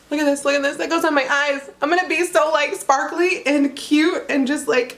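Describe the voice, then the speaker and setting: A young woman vlogging to camera, chatty and bubbly, with lots of "like" and excited squeals of "oh my God". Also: high-pitched, brisk, few pauses. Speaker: beauty vlogger unboxing a subscription box. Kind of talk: casual chat to camera.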